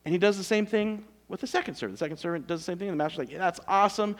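A man preaching a sermon in a conversational, animated storytelling way, full of asides. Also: sits high, racing. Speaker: pastor.

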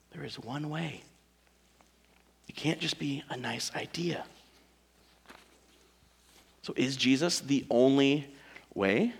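A male pastor preaching a sermon, emphatic, with dramatic pauses and big swings between loud and soft. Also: mid-range voice, gravelly, husky.

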